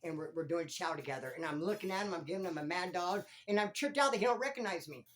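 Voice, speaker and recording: A former prisoner hosting his own channel, telling stories in animated street slang. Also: high-pitched, fast. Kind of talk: casual storytelling vlog.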